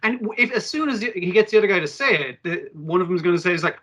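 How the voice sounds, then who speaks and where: Bright, excitable man in casual chat. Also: high-pitched, fast. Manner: excitable, swearing, acting out scenes. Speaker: podcast co-host. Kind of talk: casual chat about anime.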